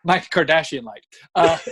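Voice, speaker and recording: A man's voice: on the high side, rough recording. A man, a comedian telling stories as a podcast guest over a video call and acting out the voices in them. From Alabama, USA. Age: 40s. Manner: animated storyteller who acts out voices. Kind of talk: casual storytelling chat. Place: home room with closet door. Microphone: video call with camera and ring light.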